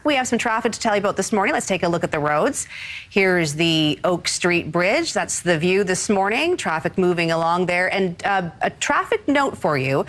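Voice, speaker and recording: A woman's voice: medium pitch, fairly bright tone. A woman hosting a live morning TV news show, conversationally presenting items and chatting with co-hosts.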